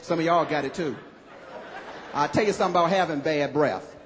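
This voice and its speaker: A man performing a stand-up comedy routine on stage, animated and loud on his punchlines, acting out other people's voices. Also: on the high side, brisk, some chatter behind, slight background noise. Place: comedy club stage with live audience. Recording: live hall recording with audience.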